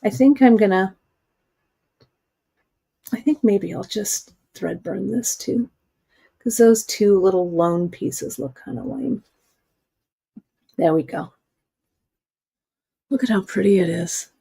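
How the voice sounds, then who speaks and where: An unhurried woman leads a live beading lesson, talking through each step as she works. Her tone is encouraging and chatty, and her pitch sits in a mid range. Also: gravelly, warm tone, husky. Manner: chatty, encouraging, thinks aloud while working. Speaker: jewelry-making instructor hosting a live stream. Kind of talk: live craft demonstration.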